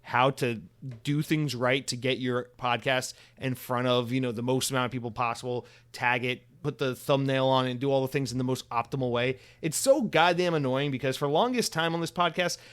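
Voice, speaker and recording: A man's voice: mid-range voice, moderate pace, a bit bright, clear, resonant tone. A man in his thirties hosting a solo podcast alone, rambling casually with sarcastic, profane asides.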